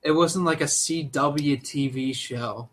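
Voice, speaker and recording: A young man co-hosting a casual podcast, talking in an animated, opinionated way. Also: on the high side, slow. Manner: animated, opinionated, jumps into loud mock voices. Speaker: podcast co-host.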